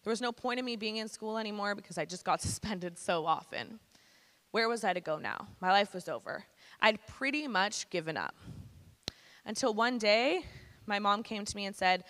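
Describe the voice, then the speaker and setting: A woman in her thirties speaks frankly and casually to a student audience, slipping into slang. Her voice is bright and forceful, and it echoes around a large school hall. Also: medium pitch, expressive, normal speed. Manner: candid, conversational, slangy. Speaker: guest speaker. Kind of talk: personal testimony to students.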